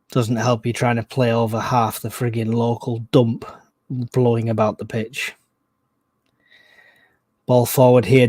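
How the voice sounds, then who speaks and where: A man giving excitable, casual live fan commentary on a football match, groaning and swearing at the play. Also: mid-range voice, no room sound, studio quality.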